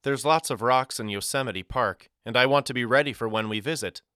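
A man voicing a gruff, dismissive boy in an audiobook. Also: medium pitch, fairly quick, sharp tone, no room sound, clean studio sound, lightly acted. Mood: matter-of-fact.

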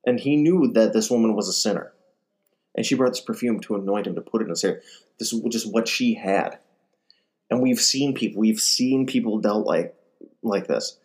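Man, low voice, casual sermon, animated storytelling, acts out quotes. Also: normal speed. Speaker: ministry speaker. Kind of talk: conversational sermon retelling scripture.

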